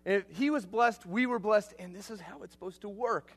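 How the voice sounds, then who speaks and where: Energetic man preaching a sermon. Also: high voice, fairly quick. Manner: energetic, emphatic, swinging between loud bursts and quiet asides. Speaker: missionary preacher.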